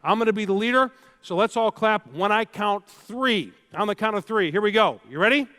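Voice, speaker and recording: A man's voice: sits high, animated, normal speed, pushed and bright. A man giving a keynote speech to a live audience, telling stories and leading the crowd through playful exercises. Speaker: keynote speaker. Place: stage before a live audience.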